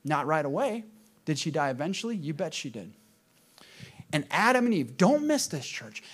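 Guy preaching a sermon, kinda high voice, gets loud then goes real quiet, keeps asking the church stuff. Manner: animated, swings from loud to hushed; addresses congregation directly with questions. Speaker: pastor.

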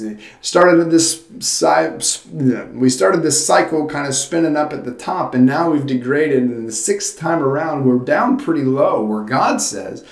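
A man's voice: medium pitch, expressive, unhurried, few pauses. A man preaching a sermon as pastor, in an earnest, conversational way with frequent restarts. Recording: roomy echo.

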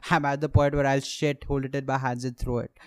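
A man's voice: mid-range voice, level tone, moderate pace, darkish tone, clear, resonant tone, no room sound. Profane, self-mocking young man. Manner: profane, self-mocking, acts out heated quotes. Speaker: podcast host, aspiring stand-up comic. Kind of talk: solo comedic monologue.

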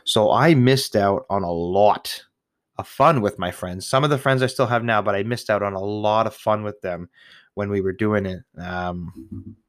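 A man's voice: fairly low pitch, normal speed, no echo, studio quality. A young man, a new father, talking casually and candidly to the camera, rambling, swearing often and laughing at himself. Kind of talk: casual personal monologue.

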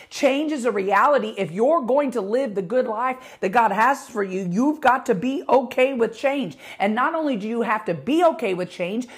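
Woman pastor, podcast sermon, passionate, gets louder when stirred, fairly high voice. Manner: passionate, rising volume when excited.

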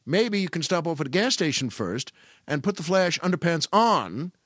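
A middle-aged man hosting a podcast delivers a funny family story as a casual monologue, mocking himself and restarting often. His voice runs on the high side with big pitch swings, a moderate pace, and a fairly bright tone. There is no room sound, and the quality is studio-grade.

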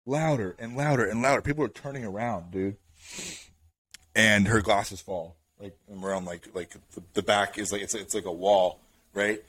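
A male podcast host telling a rambling story in a casual chat, full of fillers and slang, getting louder as it builds. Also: lowish voice, moderate pace, husky, dry recording. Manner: rambling, filler-heavy with "like" and "bro"; animated, builds up to louder bursts.

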